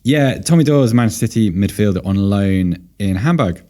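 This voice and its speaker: A man with a low, dark voice talks football on a casual podcast. He thinks out loud, hedging with plenty of fillers, and his voice sounds a little worn from talking a long time. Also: expressive, brisk. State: voice slightly tired. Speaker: podcast co-host, football analyst.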